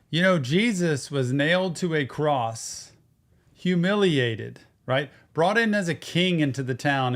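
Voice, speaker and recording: A man, co-hosting a casual reaction chat, excitable with drawn-out exclamations. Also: mid-range voice. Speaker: co-host of a music reaction show.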